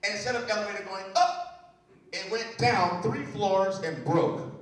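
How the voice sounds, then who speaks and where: A high-pitched male motivational speaker tells stories to students in a large school hall or gym, using dramatic pauses and lively acted quotes. The recording comes from a far-off mic in a very echoey hall with faint noise.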